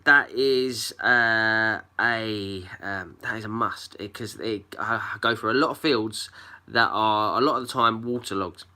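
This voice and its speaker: A man's voice: fairly low pitch, unhurried, pushed and bright. A man hosting a casual live stream from home on his phone, chatting and greeting viewers by name. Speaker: geocaching livestream host.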